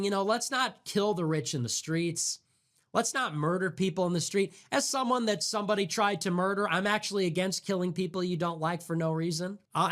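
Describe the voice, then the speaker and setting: High-voiced sarcastic young man ranting. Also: a bit bright. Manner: sarcastic, mocking, profane; swings between mock high-pitched squeals and low mutters. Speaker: livestream host. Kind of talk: casual livestream rant.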